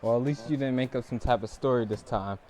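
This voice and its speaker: A young man hosts a live stream and chats about boxing in a relaxed, easygoing way. His voice sits at an ordinary middle pitch. A faint noise runs underneath him. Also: quick pace. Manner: laid-back, breaks into laughter and loud bursts. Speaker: stream host and boxing commentator. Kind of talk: casual live-stream chat.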